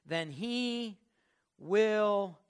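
A middle-aged pastor preaching a sermon, emphatic, swinging from quiet asides to loud outbursts. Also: male voice, high voice, expressive, extremely slow, clear, resonant tone.

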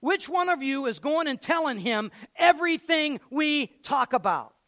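A man's voice: very high-pitched, expressive, measured pace, pushed and bright, heavily acted. A man voicing an angry, suspicious male king who demands answers and accuses his officers. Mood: demanding.

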